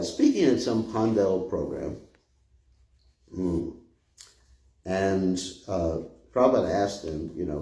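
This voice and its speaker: Older man, low dark voice, echoey room. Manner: rambling and conversational, chuckling often. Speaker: spiritual teacher giving a class. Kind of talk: informal scripture class.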